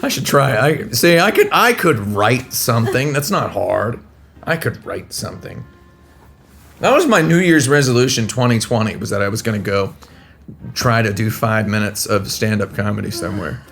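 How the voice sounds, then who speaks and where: A man's voice: mid-range voice, expressive, normal speed, gravelly, fairly bright tone. Rambling man telling stories on a stream. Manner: rambling, self-interrupting, laughing at own jokes. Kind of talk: casual live-stream storytelling. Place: hotel room. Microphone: laptop microphone.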